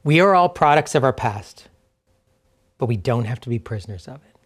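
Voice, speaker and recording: A man from Canada preaching a sermon as pastor, earnest and reflective, slowing down and letting line ends fall to a hush. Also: medium pitch, lively intonation, slightly rough. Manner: earnest, slows down for reflective pauses.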